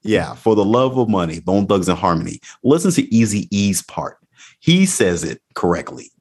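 A man's voice: lowish voice, big pitch swings, moderate pace, darkish tone, slightly rough. A man hosting a casual chat, joking and crude in a laid-back way.

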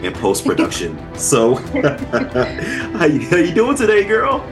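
A man's voice: high-pitched, wildly swooping pitch, takes it slowly, music in the background. A man hosting a podcast in casual chat, laid-back, chuckling and poking fun at himself. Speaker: podcast host.

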